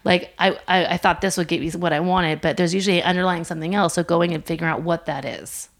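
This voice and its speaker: A middle-aged woman, a preschool director and interview guest, who tells lively stories, laughs often and acts out what the children say. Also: lowish voice, fast talker. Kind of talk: conversational interview.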